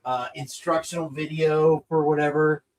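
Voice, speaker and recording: A man's voice: fairly high pitch, steady tone, moderate pace, rough recording. A middle-aged man co-hosting a podcast in casual, rambling, jokey chat, often distracted by his equipment. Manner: rambling, jokey, distracted while fiddling with gear. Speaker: podcast co-host.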